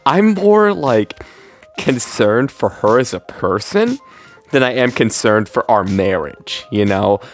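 A man's voice: medium pitch, big pitch swings, slow pace, faint music behind. A young man co-hosting a podcast in casual, joking chat, laughing often. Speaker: podcast co-host.

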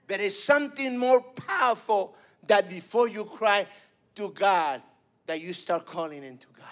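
High-voiced fervent preacher, slow and soaring. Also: male voice. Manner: fervent, rising to shouts then dropping soft. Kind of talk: sermon.

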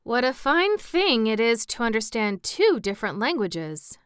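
A woman's voice: a little high, sing-song, unhurried, clean tone, no room sound, studio quality, pitched above the performer's own voice. A woman voicing a pompous, severe male scarecrow king who speaks in a lofty, reproving way, in a storybook reading.

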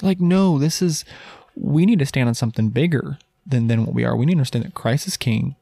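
Man, podcast host, earnest Christian talk, rhetorical questions, mid pitch, dry sound. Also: brisk, gravelly, mellow, no room sound. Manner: earnest, emphatic, rhetorical questions, frequent restarts. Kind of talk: casual Christian teaching monologue.

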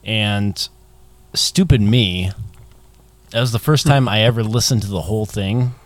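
A man's voice: fairly low pitch, unhurried, no room sound. A man co-hosting a podcast in casual chat, teasing his partner and laughing often. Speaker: podcast co-host.

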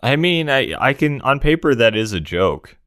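A man co-hosting a podcast, casual film chat full of jokey deadpan asides and quick corrections. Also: medium pitch, no room sound, clean studio sound. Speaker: podcast co-host.

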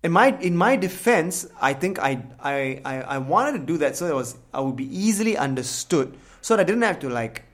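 A man's voice: fairly high pitch, moderate pace, few pauses. A man from Singapore with a Singaporean English accent, co-hosting a casual podcast chat and telling stories candidly. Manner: animated, storytelling, candid.

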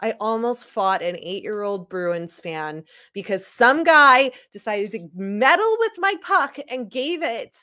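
Woman from Chicago, podcast guest; lively, ranty, laughs through her stories. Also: a little high, measured pace, few pauses. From Chicago, United States. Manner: animated, rants with rising indignation and laughs. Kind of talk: casual interview chat.

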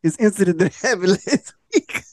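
Animated man telling a story. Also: sits high, moderate pace, no echo, clean studio sound. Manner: animated storytelling, acts out quotes with lots of laughing. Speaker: podcast host. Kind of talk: casual chat.

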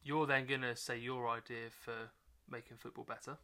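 A man's voice: mid-range voice, level tone, moderate pace, bright, forceful tone. A man co-hosting a comedy podcast in a chatty, laid-back way. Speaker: podcast co-host. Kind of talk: casual comedy podcast chat.

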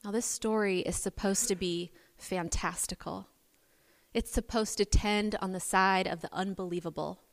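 A woman preacher giving a sermon, telling the story in an animated, playful way. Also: medium pitch, moderate pace. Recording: long hall reverb.

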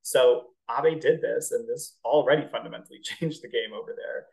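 A man's voice: medium pitch, moderate pace, gravelly, a little mellow, poor audio. A young man co-hosting a podcast, chatting casually and explaining with jokey everyday comparisons. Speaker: podcast co-host. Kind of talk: casual chat.

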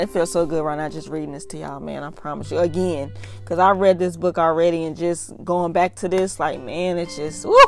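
A young adult woman reads and talks through scripture in a casual devotional vlog, her deep, gravelly voice steady and a little fast. She is earnest and emphatic, repeating "y'all," with music playing in the background.

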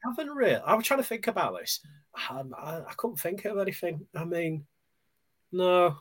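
A man co-hosts a relaxed podcast and works through a mailbag of listener messages. He hesitates often and fills gaps with ums. His voice sits a little high for a man. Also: normal speed. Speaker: podcast co-host. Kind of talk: casual chat, reading listener messages.

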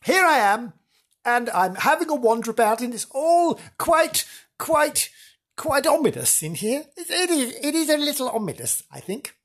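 A man's voice: very high-pitched, big pitch swings, moderate pace, fairly bright tone, voice pushed up, exaggerated voice. A man voicing a fussy, nervous woman reporter who is easily spooked and giggles through a ghost walk, in a comic improvised radio-play report.

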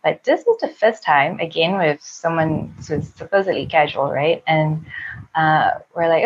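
A woman's voice: lowish voice, normal speed, gravelly, slightly rough, muffled recording. A woman from Singapore, telling frank personal stories casually and acting out her own quotes. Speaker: podcast guest, sex blogger. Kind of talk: candid casual storytelling.

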